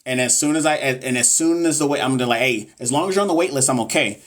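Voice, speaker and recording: A man's voice: medium pitch, fast talker, fairly bright tone. A man tutoring nursing exam students on a casual livestream, reading viewer comments and chatting loosely with lots of fillers. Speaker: NCLEX tutor and course seller. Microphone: phone or webcam on a livestream.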